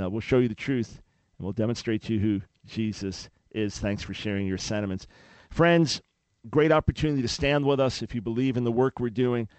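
A man's voice: medium pitch, a little mellow, no room sound. A man hosting a call-in radio talk show, speaking in an earnest, preacherly way with emphatic restarts.

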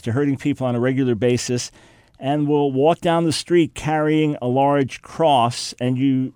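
A man's voice: mid-range voice, darkish tone, smooth, no room sound. A man with a mid-range voice hosts a radio talk show. He introduces a guest and draws him out with short questions. The sound is dry and close to the mic.

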